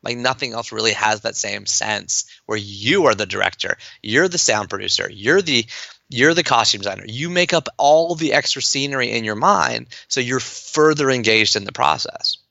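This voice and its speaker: A man talking as a podcast guest, animated and fast, with lots of fillers and restarts. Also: medium pitch, creaky, dry recording, dull audio. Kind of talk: enthusiastic conversational interview.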